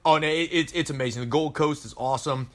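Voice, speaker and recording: A man's voice: fairly high pitch, quick pace. A man in his thirties from Colorado, a Marine veteran guest telling rambling, profane stories in casual chat. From Colorado, USA.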